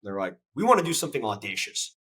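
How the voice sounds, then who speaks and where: Young man, podcast guest, bright forceful voice, casual storytelling, acts out dialogue, swears freely. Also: fairly low pitch, sing-song, fast talker, low-quality recording.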